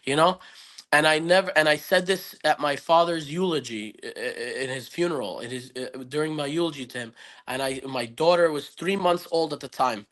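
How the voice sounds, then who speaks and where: A man's voice: on the high side, fairly quick, a bit bright. A man speaking as a podcast guest, telling a personal story in an earnest, reflective way that rambles with many restarts. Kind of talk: casual interview storytelling.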